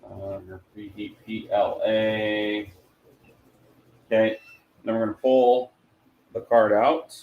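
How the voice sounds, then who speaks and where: A man's voice: fairly low pitch, flat delivery, takes it slowly, pauses often, highs cut off. A man hosting a casual hands-on product demo, joking and muttering to himself as he works. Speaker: host. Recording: roomy echo.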